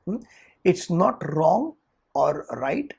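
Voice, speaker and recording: Brief: spiritual lecturer, deep fry and heavy rasp throughout, earnest, rhetorical asides. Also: very animated, very slow, darkish tone, dull audio. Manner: earnest, checks in with rhetorical "hmm?" tags. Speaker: spiritual teacher. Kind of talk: lecture on scripture.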